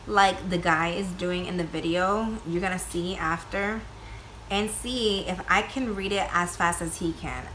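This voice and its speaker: A woman vlogging casually from home, loud and playful, swearing freely. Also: medium pitch, a little hiss or hum. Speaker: YouTube vlogger, mother of two. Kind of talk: casual vlog chat. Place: home with kids nearby.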